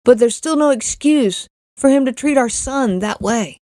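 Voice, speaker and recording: This podcast host, a middle-aged woman, has a high-sitting, animated voice with a dark tone, and she keeps a measured pace. She earnestly relates a personal story, often repeating words and voicing what others said. There's no echo, just clean studio sound.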